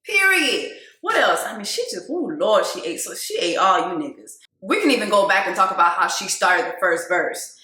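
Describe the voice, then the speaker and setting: A woman giving loud, animated casual commentary on a song, laughing often and jumping between low asides and high exclamations. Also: brisk, hardly any pauses, roomy sound. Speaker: video host reacting to a song.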